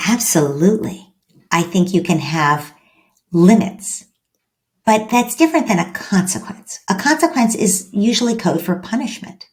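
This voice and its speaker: A woman guest on a parenting podcast, explaining calmly and acting out little dialogues as she goes. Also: medium pitch, normal speed. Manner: calm, explanatory, acts out quoted dialogue. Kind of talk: podcast interview.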